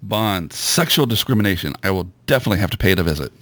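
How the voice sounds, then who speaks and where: A man reading the lines of a suave male spy, delivering dry, deadpan one-liners. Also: sits low, racing, no echo.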